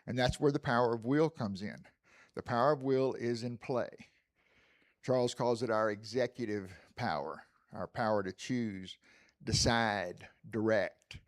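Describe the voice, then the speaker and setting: A middle-aged man with a drawl gives a relaxed, conversational sermon. He speaks at a mid pitch and keeps turning to the congregation with folksy questions. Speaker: licensed spiritual teacher giving the talk.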